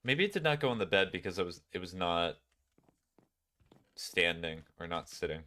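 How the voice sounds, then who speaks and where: A man's voice: low voice, big pitch swings, moderate pace, sharp tone. A man streamer chatting casually while playing a game, rambling and talking to his viewers. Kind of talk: casual gameplay chat.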